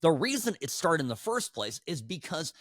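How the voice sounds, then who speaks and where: Speaking at a moderate pace into a studio mic with no room sound, this political podcast host sounds animated and sarcastic. His voice is a little high, and he frequently restarts his sentences.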